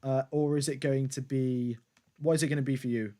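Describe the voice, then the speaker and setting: A man's voice: medium pitch, fairly even intonation, fairly quick, dark tone. A man hosting a casual live stream, giving rambling, conversational race commentary and thanking his viewers.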